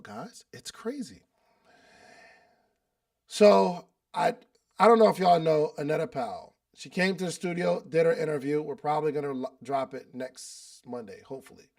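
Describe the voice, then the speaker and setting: A man hosting a live coaching session, talking loosely and casually with slang and repeated phrases for emphasis. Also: a little high. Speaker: podcast host and business coach. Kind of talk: casual coaching talk at a live online meeting.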